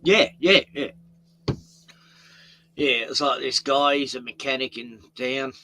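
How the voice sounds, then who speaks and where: A bright, forceful man talks casually. He rambles through his stories and swears freely, with a blunt manner. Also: medium pitch, slow pace. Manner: blunt and profane, rambling storytelling. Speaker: host. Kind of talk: casual chat.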